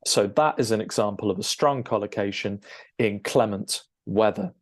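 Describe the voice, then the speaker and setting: A man, an English teacher, explaining a lesson over a shared screen, checking in with "okay?" and filling pauses with "um". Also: lowish voice. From United Kingdom. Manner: explanatory, frequent "okay?" check-ins and "um" fillers.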